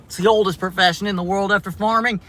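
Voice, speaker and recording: A man's voice: high voice, steady tone, quick pace, pushed and bright. A man chatting casually and profanely to his stream viewers while driving his car in a city. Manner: chatty, profane, rambling asides. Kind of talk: casual livestream chat. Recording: clear car and road noise. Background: road and traffic noise.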